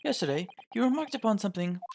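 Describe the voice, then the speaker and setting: A man's voice: high voice, big pitch swings, fast, a little mellow, a little hiss or hum, pitched above the performer's own voice. A man voicing a composed aristocratic British lord in a game let's play, speaking formally with a British accent. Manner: formal, clipped, stately.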